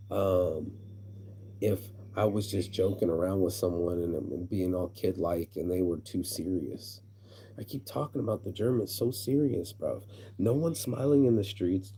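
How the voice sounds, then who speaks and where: Rambling, profane American man with a husky voice. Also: sits low, dark tone. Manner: profane, rambling, repeats words when worked up. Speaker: vlogger. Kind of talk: casual rant to camera. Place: outdoors in a hammock.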